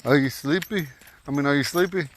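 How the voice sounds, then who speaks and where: A man giving a casual, folksy language lesson while out walking at night, talking into a phone and repeating words slowly. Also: fairly high pitch, slight background noise. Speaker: language teacher. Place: outdoors at night on a walk.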